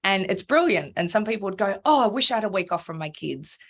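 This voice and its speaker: A woman speaking as a podcast guest, frank and animated, swearing freely and acting out her own inner voice. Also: mid-range voice, fast talker, slightly rough. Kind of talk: candid conversational interview.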